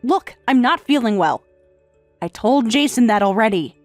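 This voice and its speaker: A woman's voice: fairly high pitch, expressive, normal speed, no echo, faint music behind, close to an everyday voice. Synthetic woman voice as a defiant young wife. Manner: firm, pointed replies. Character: tired young wife pushing back firmly. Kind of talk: text-to-speech story reading.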